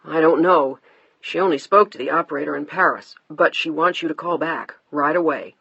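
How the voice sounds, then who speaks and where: A matter-of-fact housekeeper in an audiobook, speaking plainly and firmly, as the narrator puts her on. Her words come slow and deliberate in a husky tone, and the recording is dull. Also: medium pitch, fairly bright tone, no room sound. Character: practical middle-aged housekeeper, matter-of-fact.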